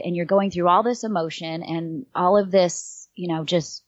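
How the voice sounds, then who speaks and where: Low-voiced woman telling a story. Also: fairly even intonation, normal speed, no echo. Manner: rambling, fills with um and like. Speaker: guest. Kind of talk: casual storytelling. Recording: dull, slightly lo-fi dry sound.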